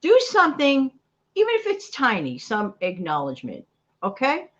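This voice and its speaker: A woman's voice: mid-range voice, very animated, normal speed, fairly bright tone, highs cut off. A middle-aged woman with a New York accent, chatting live and encouraging her viewers in a motivational way. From New York City. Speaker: livestream host. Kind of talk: casual live chat.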